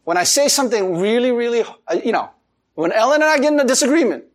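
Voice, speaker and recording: A man preaching a sermon in an animated way, laughing as he acts out quotes. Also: extremely high pitch, fast. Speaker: pastor.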